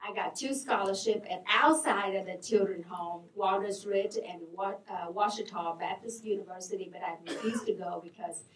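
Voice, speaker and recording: A woman who learned English later in life, speaking as a panelist and telling her story with frequent laughter and halting phrases. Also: mid-range voice. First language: not English. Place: movie theater. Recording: echoey room, distant mic, noise.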